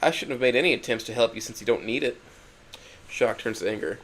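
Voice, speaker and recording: A man's voice: medium pitch, fast, fairly bright tone. A man narrating a first-person dramatic story, emotional and swinging from hurt to angry outbursts.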